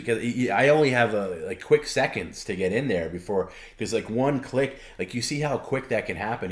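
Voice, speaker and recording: A man with a dry throat, rambling and hesitant as he answers viewer questions as a stream co-host. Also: fairly low pitch. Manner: rambling, hesitant, self-correcting. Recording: roomy echo.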